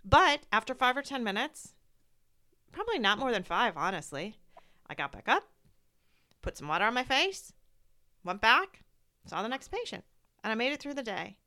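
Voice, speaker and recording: A woman's voice: a little high, sing-song, moderate pace, long pauses, sharp tone. A woman who works in medicine, hosting a candid conversation about grief, telling stories with heartfelt feeling and acting out what others said. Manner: heartfelt, storytelling, acts out quoted voices. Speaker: medical provider.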